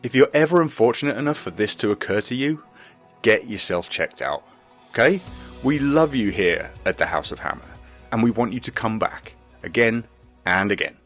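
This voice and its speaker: A man's voice: lowish voice, lively intonation, moderate pace, a bit bright, faint music behind. A man delivering an exasperated, sardonic scripted rant as a podcast presenter. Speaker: segment presenter.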